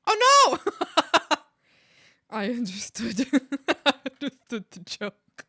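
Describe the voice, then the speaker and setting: A giggly woman streamer talks slowly in a high voice that swings a lot. She chats loosely and swears now and then. The sound is dry and close. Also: no room sound. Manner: giggly, animated, swears casually. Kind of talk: casual chat reacting to videos.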